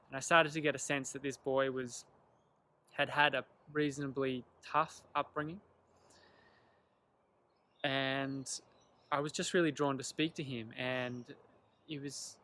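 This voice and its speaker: A young man telling a personal story to camera in an earnest, animated way, acting out the lines of the people in it. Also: fairly high pitch, normal speed. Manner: earnest, animated retelling with quoted dialogue. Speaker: vlogger.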